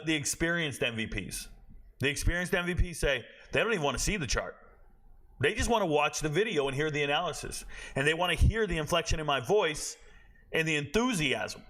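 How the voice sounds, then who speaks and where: High-voiced brash betting host. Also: male voice, sharp tone. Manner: brash, boastful, scolding. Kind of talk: betting picks vlog rant.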